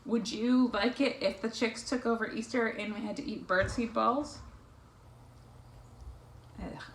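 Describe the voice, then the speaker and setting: A woman reading picture books aloud to a child, playful and animated, breaking into animal sounds. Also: a little high, moderate pace. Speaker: storytime reader. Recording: echoey room, faint noise.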